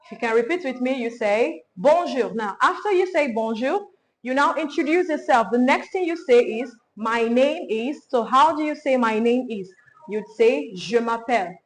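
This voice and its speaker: A woman teaching a beginner French lesson, speaking slowly and repeating each phrase for learners. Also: sits high, animated, slight background noise, rough recording.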